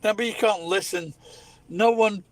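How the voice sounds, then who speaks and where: A Scottish vlogger with a high voice rants at a moderate pace in a casual monologue, blunt, opinionated, and heavily profane. The recording is dry.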